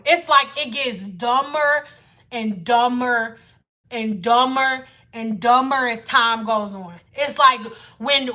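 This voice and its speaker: Blunt high-voiced woman ranting about hair. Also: bright, forceful tone. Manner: blunt, exasperated, profane. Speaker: hair care educator. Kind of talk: casual livestream lesson and rant.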